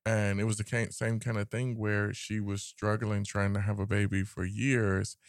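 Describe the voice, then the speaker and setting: A man co-hosting a podcast, speaking in a measured, advising way in casual chat. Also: fairly low pitch, level tone, no echo, clean studio sound. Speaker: podcast co-host.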